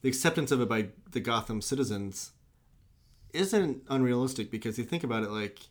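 A man with a mid-range voice discusses a film in a relaxed co-host chat. He talks with animation and often slips into quick impressions of the characters. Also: mid-range voice. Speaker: podcast co-host. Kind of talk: casual movie discussion.

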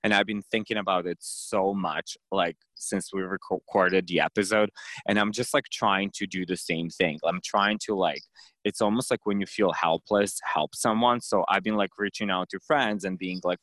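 A man's voice: low-pitched, normal speed, fairly bright tone, dry recording. A man hosting a podcast in casual chat, talking in a rambling way full of fillers and stutters. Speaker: podcast host.

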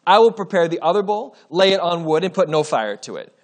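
A man's voice: mid-range voice, animated, moderate pace, lightly acted. A man voicing a bold, fiery prophet with a commanding, dramatic delivery. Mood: challenging. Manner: commanding, dramatic, mocking at times.

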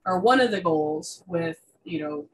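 Young female guest, lower voice, chatty, excitable, many "um"s and restarts. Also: a little slow, a little hiss or hum, rough recording. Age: young adult. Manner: chatty, full of fillers and restarts; enthusiastic about reptiles. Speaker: guest artist. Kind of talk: casual interview chat.

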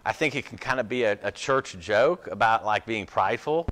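Bright-voiced conversational male preacher. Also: fairly low pitch, lively intonation, moderate pace. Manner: conversational, self-deprecating, frequent "okay?". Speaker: pastor. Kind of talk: sermon.

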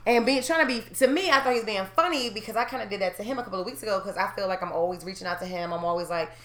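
A brash woman in her thirties, talking loud and cursing freely as she tells a story among friends. Her voice is bright and forceful, and the room around her is echoey. She goes from low and calm to near-shouting when she gets worked up. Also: very fast. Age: 30s. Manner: loud, profane and animated, rising to shouts when heated. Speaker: storyteller in a group chat. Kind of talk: casual chat, telling a story.

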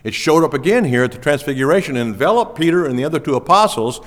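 A man preaching a sermon as pastor, lively and animated, laughing now and then. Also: a little high, quick pace. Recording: long reverb of a church hall.

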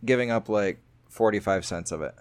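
A man's voice: lowish voice, brisk, clear, resonant tone. Joking male podcast co-host. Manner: jokey, laughs often, loose fillers. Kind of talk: casual chat.

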